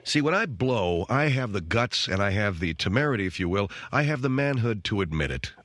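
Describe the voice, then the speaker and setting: A man's voice: on the low side, expressive, fairly quick, fairly bright tone. A man hosting a radio show, ranting in a sarcastic, self-mocking comic monologue from a studio microphone. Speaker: radio talk show host.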